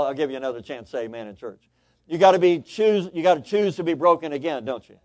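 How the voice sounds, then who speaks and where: A man preaching a sermon in church, swinging between loud emphatic lines and quiet, conversational asides. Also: a little high, no room sound. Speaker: pastor. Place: church sanctuary.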